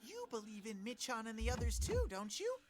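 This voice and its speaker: A high, sing-song bear boy, all fretting and cheer, as a woman acts him out. The voice bounces up and down with eager, doting warmth. It sounds like a fan reading of a game script. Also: sing-song, a little fast, loud music behind the voice. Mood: chirpy. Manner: bubbly and fretful, doting on a companion. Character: cheerful, fussy young male bear mascot.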